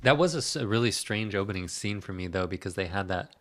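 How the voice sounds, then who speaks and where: A man's voice: sits low, expressive, fast. A man co-hosting a casual podcast, dropping dry, wry remarks. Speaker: podcast co-host. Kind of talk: casual chat.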